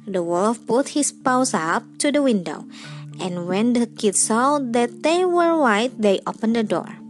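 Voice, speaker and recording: A woman storyteller reading a fairy tale aloud in a gentle, measured way. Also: a little high, animated, faint music behind.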